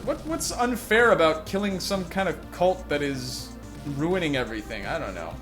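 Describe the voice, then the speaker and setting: A man's voice: on the high side, very animated, a little slow, fairly bright tone, faint music behind. A man hosting a let's play, reading game text aloud and musing wryly on his choices. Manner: wry, musing.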